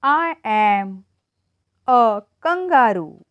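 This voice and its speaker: Slow sing-song woman teacher. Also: on the high side, animated, clear, resonant tone, no room sound. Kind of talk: children's riddle lesson. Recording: dull lo-fi dry sound.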